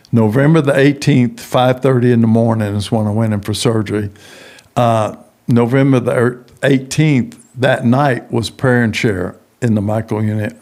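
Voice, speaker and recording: A man's voice: mid-range voice, a little mellow. A middle-aged man, a prison ministry founder, telling a long personal story in a podcast interview and acting out the people he quotes.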